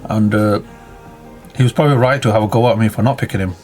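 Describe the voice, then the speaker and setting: A man's voice: on the low side, quick pace, darkish tone, soft background music. A man giving casual, chatty commentary on a football management game, reacting to each play and calling out his players.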